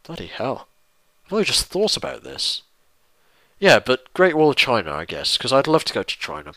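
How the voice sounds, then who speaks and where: A man's voice: medium pitch, huge pitch swings, normal speed, creaky, a bit bright, dry recording. A young English man rambling through a casual viewer Q&A, self-deprecating and swearing mildly. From England. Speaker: YouTuber answering viewer questions. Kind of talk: casual Q&A monologue.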